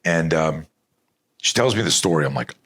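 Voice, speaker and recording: A middle-aged man from Canada, a self-defense instructor guesting on a podcast, telling a story in an animated, blunt way and swearing freely. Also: extremely low pitch, normal speed, slightly rough. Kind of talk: storytelling in a conversational interview.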